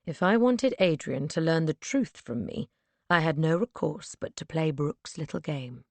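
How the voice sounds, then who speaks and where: A woman narrating a first-person audiobook in a measured, earnest storytelling manner on a close mic. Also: deep voice, animated, vocal fry, no echo.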